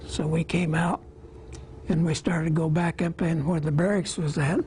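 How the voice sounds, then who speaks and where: A man in his eighties from Iowa, a war veteran telling his memories in an interview, plain-spoken and halting, with small pauses. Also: fairly high pitch, level tone, darkish tone, a little hiss or hum, low-quality recording.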